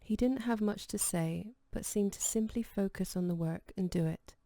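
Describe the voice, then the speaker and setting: A woman narrating an audiobook in a calm, measured reading style. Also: medium pitch, no room sound. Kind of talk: scripted narration.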